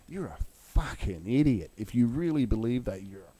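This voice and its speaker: Lowish guy ranting and cussing on his crypto vlog, pitch swinging all over. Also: lively intonation, fairly quick, few pauses, mellow. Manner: heated, swearing, blunt. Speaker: crypto market vlogger. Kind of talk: angry rant and chart commentary.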